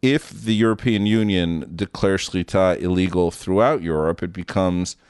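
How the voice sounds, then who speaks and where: Male guest commentator, deep and resonant, measured. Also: a little mellow, clean tone, dry recording, studio quality.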